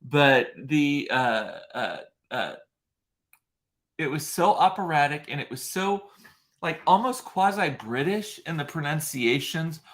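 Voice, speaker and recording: A man's voice: a little high, expressive, slow, a bit bright. A man, telling a rambling, gossipy story in a casual vlog, full of campy asides and mocking impressions. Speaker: vlogger. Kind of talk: casual chat.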